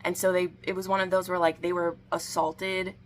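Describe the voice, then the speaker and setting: A woman's voice: lowish voice, flat delivery, normal speed. A woman chatting casually as a book reviewer, rambling and frank, with lots of "like" fillers. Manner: rambling, frank, heavy use of "like".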